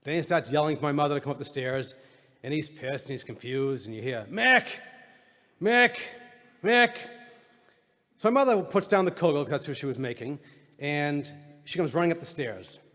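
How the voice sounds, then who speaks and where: A middle-aged man giving a eulogy for his father, telling funny stories with deadpan punchlines. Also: fairly high pitch, fast. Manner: wry storytelling, deadpan punchlines. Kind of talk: eulogy speech with humorous stories. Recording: reverberant hall recording.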